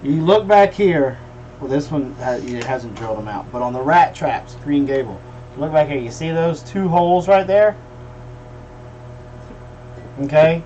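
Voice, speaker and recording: A man's voice: on the high side, normal speed, pauses often, dark tone, lo-fi sound. Folksy, joking middle-aged livestream host, man, mic a little far off. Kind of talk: casual livestream chat. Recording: distant mic with faint room noise.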